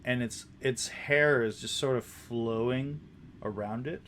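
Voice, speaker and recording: A man narrating a tabletop game as dungeon master, describing scenes in a halting way with many restarts. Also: mid-range voice, fairly bright tone, slight background noise.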